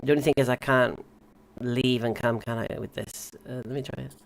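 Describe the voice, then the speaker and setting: A man with a gravelly, creaky voice hosts a casual live-stream chat. He talks in an easygoing, halting way, full of fillers and restarts, at an ordinary middle pitch. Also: steady tone, background noise. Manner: easygoing, hesitant, lots of fillers. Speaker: host.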